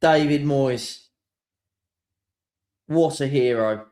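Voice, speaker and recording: A young man hosting a live football watchalong, excitable and sweary, swinging between shouts and mutters. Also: mid-range voice, extremely slow. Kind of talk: live match watchalong reaction.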